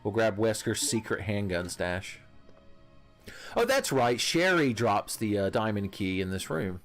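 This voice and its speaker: A man's voice: fairly low pitch, expressive, moderate pace, soft background music. A young man casually commenting on a video game as he plays, swearing and joking with his chat and laughing often. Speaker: streamer.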